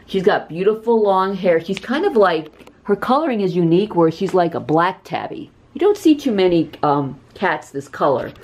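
A woman speaking casually in a dim indoor room, her voice soft and mellow but swinging widely in pitch. She gushes as she presents a rescue cat for adoption, slipping into a cooing sing-song. Her delivery is warm-toned and animated. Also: normal speed, muffled recording. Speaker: pet rescue volunteer. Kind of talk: casual adoption video chat.

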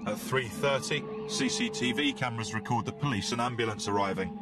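A man narrating a documentary in a measured, sober scripted delivery. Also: medium pitch. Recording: loud music bed underneath.

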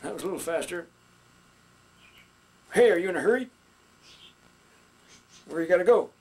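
A man's voice: sits high, expressive, normal speed. A man voicing a folksy older male puppet who chats with the audience and trails off into fillers as he teaches stage entrances. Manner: folksy, chatty, with hesitant fillers. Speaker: puppetry instructor. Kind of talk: puppet instruction skit.

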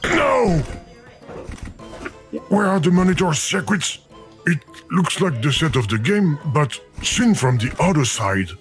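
Fed-up narrator guy, highish voice jumping around, nagging the player. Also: sing-song, takes it slowly. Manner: exasperated, scolding. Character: exasperated male game narrator scolding the player. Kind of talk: game voice acting. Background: game music.

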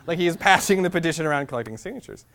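A man telling a funny personal story as a guest speaker, in an animated, chatty way with frequent laughs. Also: fairly high pitch, racing.

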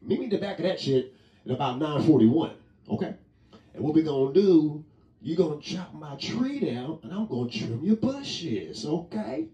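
A man voicing a smooth-talking, flirty husband who coaxes and reassures his wife playfully. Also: on the high side, sing-song, normal speed, mellow. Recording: roomy sound from a distant mic.

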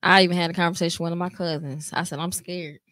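A soft-spoken woman co-hosting a podcast, tearful and plain-talking in a casual heartfelt conversation. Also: fairly low pitch, steady tone, racing, dry recording, clean studio sound.

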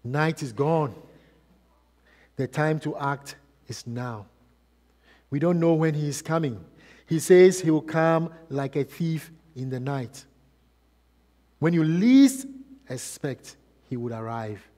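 Man preaching, pitched a bit high, reverberant church hall, rhetorical questioning. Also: animated, slow, pauses often. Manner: preaching with rhetorical questions, swinging between loud and soft. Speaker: pastor. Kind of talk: sermon.

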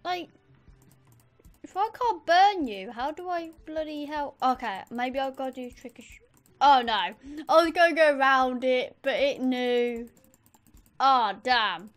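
A woman giving chatty let's play commentary, easily excited and talking straight to her viewers. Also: high voice, measured pace, faint music behind. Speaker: gamer.

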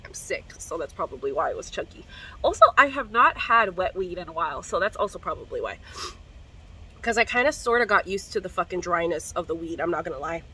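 A woman's voice: fairly low pitch, very animated, brisk, bright, forceful tone, breathy edge, rough recording. Bubbly, profane young woman vlogger. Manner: chatty, slangy and profane, coughing between hits. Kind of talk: casual chat to camera.

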